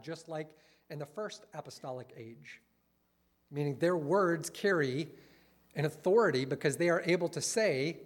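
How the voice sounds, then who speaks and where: A man giving an earnest, lecture-style talk, reading quotes aloud and adding wry asides. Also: on the high side. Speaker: speaker critiquing a church movement.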